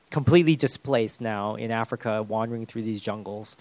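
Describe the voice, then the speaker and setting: A man preaching a sermon, talking in a halting way with lots of fillers and restarts. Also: fairly low pitch, a little mellow, dry recording. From the West. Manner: hesitant, with many fillers and restarts.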